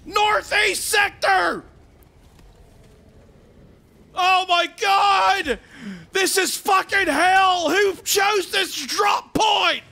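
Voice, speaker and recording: A man voicing a bellowing, foul-mouthed male squad commander who yells orders over voice chat during a game. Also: very high voice, a little slow, vocal fry, few pauses, voice pushed up, full character voice. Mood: furious yelling. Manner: yelling over comms, cursing, ends calls with "over". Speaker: streamer. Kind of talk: in-game role-play on voice chat.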